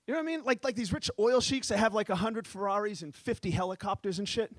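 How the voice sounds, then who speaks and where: A man performing stand-up comedy, telling stories in an animated, profane way. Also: high voice, fast talker, no echo.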